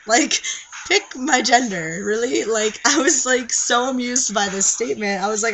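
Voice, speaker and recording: A man's voice: very high voice, fairly quick, bright, forceful tone, slight background noise, low-quality recording. A young man, chatting casually to camera for a vlog, rambling with lots of fillers and restarts. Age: young adult. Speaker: vlogger. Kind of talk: casual confessional vlog chat.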